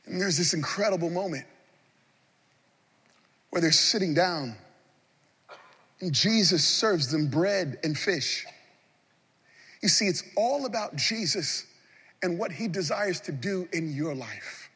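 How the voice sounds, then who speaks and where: A man preaching a sermon as pastor of a large church, swinging between loud passionate appeals and hushed moments. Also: sits high, animated, takes it slowly, long pauses, breathy edge, in a large hall.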